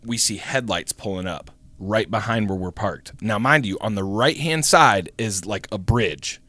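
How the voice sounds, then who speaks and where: A young man co-hosting a podcast, telling a story in a casual, animated way, swearing often and acting out the voices of people in it. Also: fairly low pitch, measured pace, dry recording. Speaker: podcast co-host.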